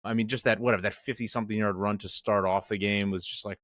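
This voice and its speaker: A man's voice: fairly low pitch, fairly even intonation, fast, a bit bright, no echo, clean studio sound. Rambling male sports podcast host. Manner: rambling, self-mocking, mimics players in jokey voices. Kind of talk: casual sports chat.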